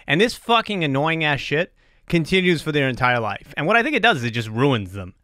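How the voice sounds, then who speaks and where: A man's voice: on the high side, sing-song, quick pace, pushed and bright, no room sound, clean studio sound. A man in his forties hosting a podcast, ranting in a casual, profane way and laughing often. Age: 40s. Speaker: podcast host.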